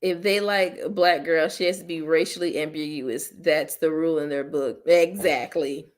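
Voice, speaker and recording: A woman hosting her own channel, chatting casually with viewers in a blunt, slangy, teasing way and breaking into loud playful laughter. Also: sits low, steady tone, moderate pace. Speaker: host of a commentary channel. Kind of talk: casual chat reacting to viewers.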